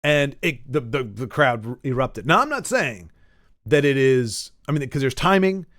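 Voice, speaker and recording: A man's voice: medium pitch, lively intonation, normal speed, a bit bright, no room sound, clean studio sound. A man talking alone on a podcast, rambling and emphatic, with frequent restarts and self-corrections. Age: adult who grew up with Nintendo. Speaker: podcast host. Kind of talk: solo podcast monologue.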